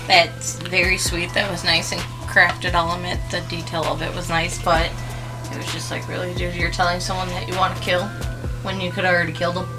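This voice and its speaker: A woman's voice: lowish voice, little pitch movement, normal speed, over music. A young woman co-reviewing a movie in casual chat, blunt and exasperated. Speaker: guest co-reviewer.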